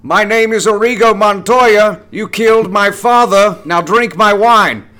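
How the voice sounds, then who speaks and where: Stately older Englishman, a man doing an impression, high and slow. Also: bright, forceful tone. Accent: English, put on. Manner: grand, lofty delivery.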